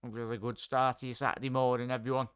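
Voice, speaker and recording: A man's voice: mid-range voice, flat delivery, rapid-fire, fairly bright tone, smooth. A man hosting a live football watchalong, chatting with viewers as he calls the play. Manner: chatty, addresses chat and viewers by name. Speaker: watchalong host.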